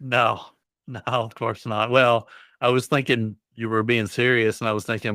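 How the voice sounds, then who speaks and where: A man's voice: medium pitch, flat delivery, normal speed, bright, forceful tone, no echo, clean studio sound. A man co-hosting a podcast, reacting with short interjections and questions in casual chat. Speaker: podcast co-host.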